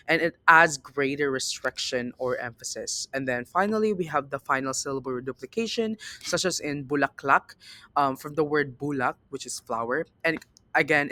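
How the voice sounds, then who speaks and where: A man's voice: mid-range voice, sharp tone, no echo. A young man giving a class presentation, speaking conversationally with fillers and self-corrections. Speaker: student presenter.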